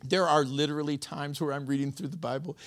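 A pastor giving a sermon in a playful, animated way, often breaking into laughter while explaining scripture. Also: medium pitch, fast.

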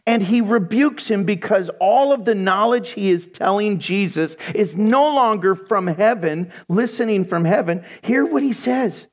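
A male pastor preaching a sermon to a congregation, animated and jokey, often acting out voices. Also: high voice. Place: church before a congregation.

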